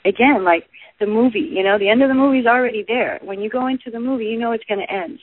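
A woman's voice: fairly high pitch, quick pace, background noise. A woman guest, a stage performer, talking earnestly and rambling with lots of "you know". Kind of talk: casual interview chat. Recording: tinny phone-like line, dry.

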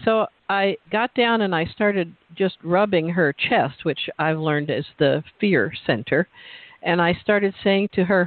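An interview host telling a personal story and posing questions in a measured, conversational way. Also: medium pitch, no echo. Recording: tinny phone line, dry.

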